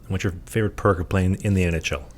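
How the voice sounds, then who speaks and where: A man's voice: deep voice, steady tone, racing. A man hosting a podcast, asking questions in a chummy, jokey way, full of "dude" and "like". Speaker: podcast host. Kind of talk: casual interview chat.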